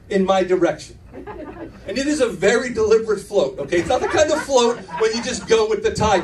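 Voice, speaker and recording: A man's voice: high voice, sing-song, normal speed, darkish tone, far from the mic. Brash, profane man doing stand-up. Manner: brash, profane storytelling with self-mocking asides. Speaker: stand-up comedian. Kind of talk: stand-up comedy routine. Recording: faint room noise, mic from afar.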